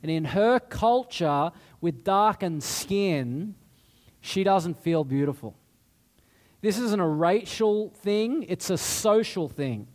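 A man's voice: high voice, animated, slow, a little mellow. A middle-aged man preaching a sermon in a chatty, self-deprecating way, often restarting his sentences. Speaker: pastor.

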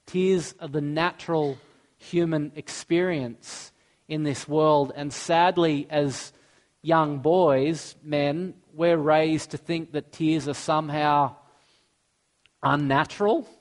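A man's voice: a little high, steady tone, slow. A man, preaching a sermon earnestly and mixing in personal stories. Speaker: pastor.

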